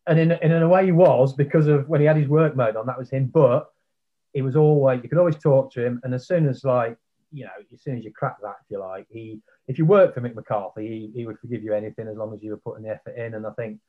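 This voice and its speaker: A man's voice: medium pitch, fairly even intonation, quick pace, narrow, tinny audio. A man guesting on a podcast, reminiscing in casual chat and often tagging on questions like "wasn't he?". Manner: reminiscing, leaning on tag questions.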